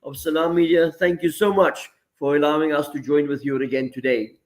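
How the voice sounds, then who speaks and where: A man's voice: on the high side, steady tone, a little fast. A man speaking as the regular guest on a talk segment, earnest and a bit preacherly, working through everyday examples. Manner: earnest, preacherly, gives examples, uses Arabic phrases. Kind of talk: radio talk segment, reflective commentary.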